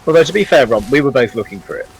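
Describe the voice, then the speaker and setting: A man's voice: mid-range voice, lively intonation, racing, creaky, rough recording. A man co-hosting a game stream, teasing and joking, laughing easily. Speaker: stream co-host. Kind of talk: casual banter on a game stream. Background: game music.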